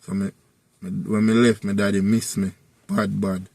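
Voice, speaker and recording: Man, Jamaican accent, casual storytelling, rambling patois, fairly low voice, dry sound. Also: flat delivery, normal speed, vocal fry, a little mellow, no echo. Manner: rambling patois storytelling with repeated tag phrases. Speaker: vlogger.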